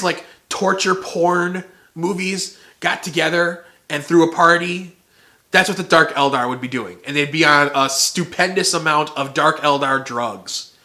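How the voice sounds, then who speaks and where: Man, channel host, casual goofy monologue; slightly high, bright voice, rambling delivery. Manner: goofy, rambling, self-interrupting.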